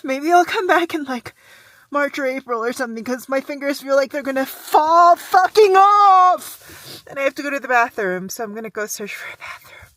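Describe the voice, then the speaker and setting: A woman's voice: high-pitched, quick pace, fairly bright tone, no echo. A woman vlogging casually from a car and outdoor viewpoints, chatty and exclamatory, swearing freely. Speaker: travel vlogger. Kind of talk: casual vlog monologue.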